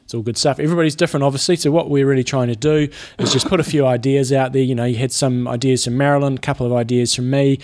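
Kiwi male co-host, relaxed casual chat, mid-pitched everyday voice. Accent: New Zealand. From New Zealand. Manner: relaxed, laid-back, reads ad copy haltingly. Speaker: podcast co-host. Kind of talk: casual chat and read ads.

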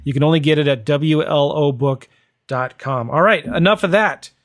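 A man's voice: on the high side, moderate pace. A man hosting a podcast, chatty and upbeat, promoting his book and interviewing a guest. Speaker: podcast host.

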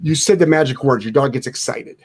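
A man's voice: medium pitch, a little fast, slightly rough. Blunt, profane dog trainer man. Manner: blunt, profane, animated, mocks in a sing-song voice. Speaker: dog trainer answering live chat questions. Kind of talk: casual live Q&A.

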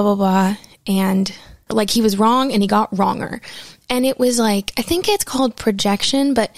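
A woman's voice: mid-range voice, vocal fry, a little mellow, dry recording. A woman in her twenties telling a candid, profane personal story and acting out the quotes.

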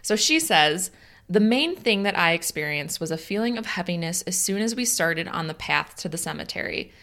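Speaking in a Chicago accent, an Illinois woman co-hosts a laid-back podcast where she chats, laughs easily, gives short dry replies, and reads out a listener's story. Her fairly low, fairly bright voice is animated and moderately paced.

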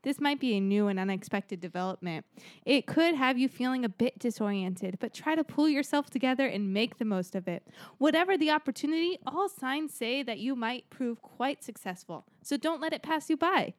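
A woman reading a horoscope aloud in a calm, even way during a casual chat. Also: high voice, normal speed, dry recording, clean studio sound.

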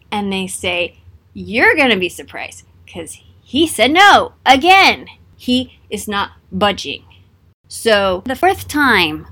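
Woman, storyteller, playful, casual retelling, fairly high voice. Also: a bit bright.

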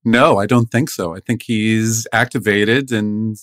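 A man's voice: lowish voice, steady tone, a little slow, a bit bright, dry recording, studio quality. A man performing in an improv comedy scene, speaking in an earnest, hesitant way.

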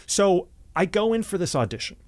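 A man, an actor, telling stories from his career in a casual interview, animated and laughing at himself. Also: high voice, normal speed, no echo, clean studio sound. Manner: animated anecdotes with self-deprecating laughs. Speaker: actor and podcast guest.

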